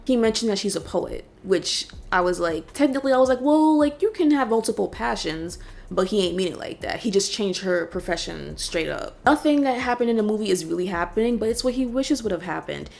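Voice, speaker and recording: Chatty reflective young woman with gravelly fry. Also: medium pitch. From New York City. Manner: chatty and reflective, with conversational fillers. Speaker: vlogger reviewing a film. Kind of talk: casual spoken review.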